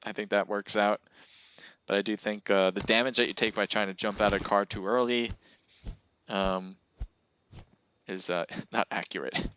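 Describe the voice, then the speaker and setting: A man's voice: lowish voice, moderate pace, long pauses, slight background noise. Laid-back man casting a live esports match. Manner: casual and chatty, laughs often and gets excited at close calls. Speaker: esports caster. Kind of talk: live game commentary.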